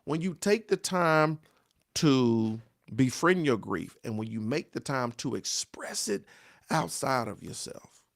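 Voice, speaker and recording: Gravelly preacher man, dry close sound. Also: medium pitch, expressive, measured pace, no room sound. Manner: repetitive preacher cadence with frequent "right?"; exhorting, call-and-response. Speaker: pastor. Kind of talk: grief devotional talk.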